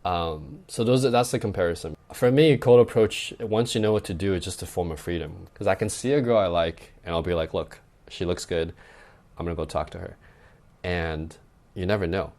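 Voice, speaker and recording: A man's voice: sits low, brisk, a little mellow. A young adult man who coaches dating, talking loosely in a podcast chat and often tagging lines with "right?". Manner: loose and conversational, frequent "like" and "right?" tags. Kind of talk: casual podcast advice talk.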